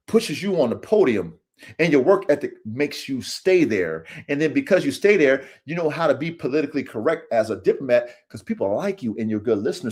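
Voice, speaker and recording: A man hosting a podcast, giving a profane, preachy motivational monologue that swings from low mutters to shouts. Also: slightly rough. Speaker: podcast host.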